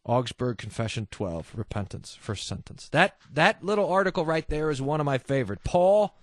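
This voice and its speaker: A man hosting a casual religious talk show, reading listener quotes and mimicking people in quick asides. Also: medium pitch, no echo, clean studio sound. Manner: animated, mimics voices in asides. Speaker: host.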